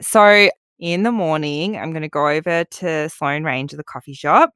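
A woman's voice: sits low, moderate pace, a bit bright, clean tone, no room sound, clean studio sound. A young woman, co-hosting a podcast in easygoing chat and laughing often. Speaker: podcast co-host. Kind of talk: casual chat. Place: abroad, recording remotely.

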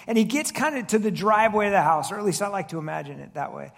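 A pastor in his thirties preaches in a relaxed, conversational way, his fairly high voice carrying a gravelly fry. He often stops to ask rhetorical questions and restarts his phrases. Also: quick pace, hardly any pauses. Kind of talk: sermon.

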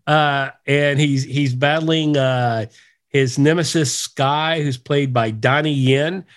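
Chatty man with a higher voice. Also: fairly even intonation, slow. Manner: rambling, enthusiastic. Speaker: podcast co-host. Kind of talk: casual chat.

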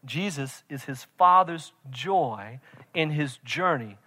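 High, bright-voiced preaching pastor. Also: male voice, animated, slow. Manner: emphatic, repeats "right?" to the congregation; swings from loud shouting to quiet intensity. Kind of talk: sermon.

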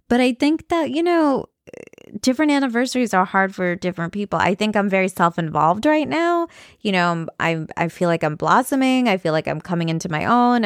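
A woman's voice: mid-range voice, clear, resonant tone, no room sound, studio quality. A young woman talking candidly in a personal vlog, rambling with fillers and restarts. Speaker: vlogger.

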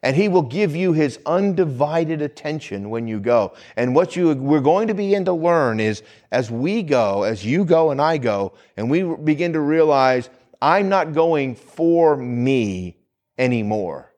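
A man's voice: fairly high pitch, expressive, a little slow, a little mellow. A man, a pastor, giving a conversational sermon that repeats phrases and asks the congregation questions.

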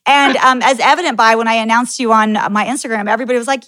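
A woman's voice: fairly high pitch, fast, pushed and bright, no room sound. A woman hosting a podcast, chatting candidly with a guest, laughing often and swearing freely. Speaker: podcast host. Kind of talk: casual interview chat.

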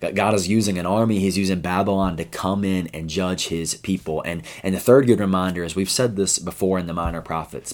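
Man, youth pastor, very low voice, casual earnest Bible teaching, rhetorical questions. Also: brisk, hardly any pauses, darkish tone. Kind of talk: daily devotional Bible teaching.

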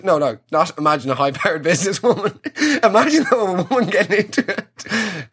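A man's voice: high-pitched, expressive, normal speed, a bit bright, breathy edge. A young Irish man delivering a rambling, profane comic monologue. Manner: rambling, profane, exaggerated, self-mocking. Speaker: comedian.

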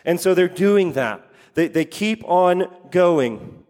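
A man's voice: high-pitched, lively intonation, slow, a little mellow, big-room sound. A man preaching a sermon, repeating key phrases for emphasis and putting questions to his congregation. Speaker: pastor.

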